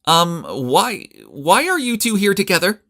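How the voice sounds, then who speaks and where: A scheming young woman, as a male narrator puts her on, her voice raised well above his own low register. She sounds spiteful and strained, swinging between mean and desperate. It is an animated storybook figure. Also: measured pace, heavily acted. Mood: flustered. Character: scheming young woman, vengeful then pleading.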